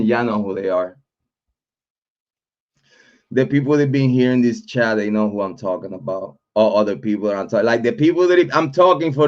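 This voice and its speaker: Forties guy ranting on his live stream, cursing and joking, kinda stuffy nose, muffled audio. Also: medium pitch. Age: 40s. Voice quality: congested. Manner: boastful, joking, profane rant. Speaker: livestream host. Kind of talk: casual livestream chat.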